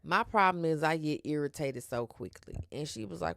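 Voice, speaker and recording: A woman hosting her own podcast, talking in a sassy, animated way with slang and cursing. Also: low-pitched, moderate pace, creaky, few pauses, no echo. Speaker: podcast host. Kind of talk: casual solo podcast talk.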